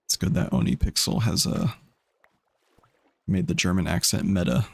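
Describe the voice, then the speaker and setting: A man's voice: low-pitched, moderate pace, vocal fry, breathy edge, no echo. A young man casually chatting while streaming a game, rambling and laid-back. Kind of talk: casual gaming stream chat.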